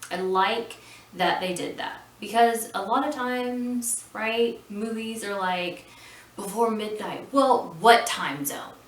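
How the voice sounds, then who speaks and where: A woman's voice: on the high side, slow pace. A woman hosting a casual movie recap, chatty and rambling, with opinionated asides. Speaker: podcast host recapping a film. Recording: roomy and distant with faint noise.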